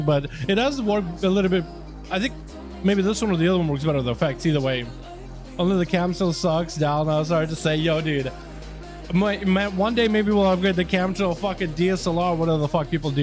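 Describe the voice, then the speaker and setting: A young male gaming streamer with a high voice, talking loosely and swearing freely as he greets his chat. His talk is casual and rambling. Soft music sits quietly behind him. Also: fast. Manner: loose, profane and chatty with viewers. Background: faint music.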